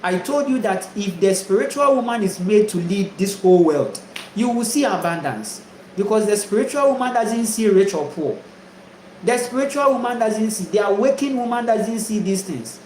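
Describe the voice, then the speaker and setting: High-pitched guy preaching, keeps repeating himself, roomy echo, faint hum behind. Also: expressive, moderate pace, a little mellow. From Ghana. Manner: emphatic, repetitive, rhetorical questions. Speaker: spiritual teacher. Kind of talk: preaching monologue.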